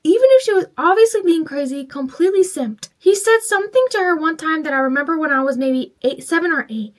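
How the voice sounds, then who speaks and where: Woman, high voice, tipsy, casual vlog, reads stories aloud, swears a lot. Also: expressive, fast talker. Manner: chatty, swears freely, reacts emotionally between stories. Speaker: vlogger. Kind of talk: casual reading of online stories while doing makeup.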